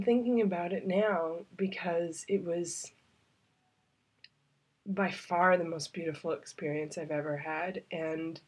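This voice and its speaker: A woman travel vlogger shares a heartfelt personal story to camera, rambling loosely with lots of fillers and at times sinking to a near-whisper. Her husky voice is on the low side, steady in tone and a little slow.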